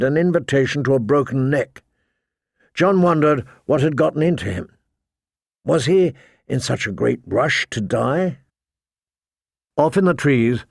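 A man narrating a fantasy audiobook in a measured, deliberate storytelling manner on a close studio mic. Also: medium pitch, vocal fry, no echo.

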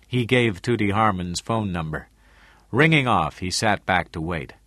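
A man narrating a story aloud in a measured way. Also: fairly low pitch, lively intonation, sharp tone, dry recording. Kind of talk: audiobook narration.

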